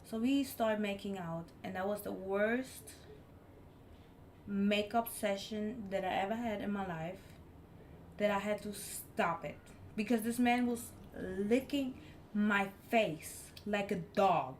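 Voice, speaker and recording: Blunt, animated woman streamer telling stories. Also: medium pitch, slow pace, slight background noise. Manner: blunt, animated storyteller who swears freely. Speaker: live streamer. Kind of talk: casual story time chat.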